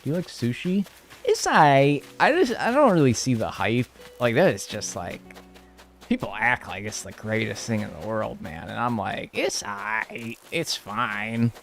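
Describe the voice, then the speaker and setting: A man's voice: mid-range voice, sing-song, moderate pace, creaky. A young man chatting casually on a live stream, joking and reacting to chat in a laid-back way.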